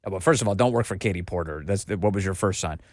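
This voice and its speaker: A man's voice: low-pitched, rapid-fire, dry recording, clean studio sound. A man hosting a casual political commentary show, reading documents aloud with a mocking, incredulous tone.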